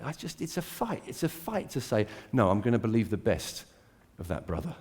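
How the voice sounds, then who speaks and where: A man preaching a sermon to a church, dramatic and swinging between hushed, intimate lines and emphatic climbs. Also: mid-range voice, sing-song, a little fast, breathy edge. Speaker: pastor.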